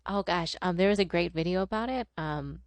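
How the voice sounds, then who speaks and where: While she plays a game on stream, a young woman rambles in casual chat, cursing and laughing frequently. Her voice is lowish and a little fast, and the recording is dry.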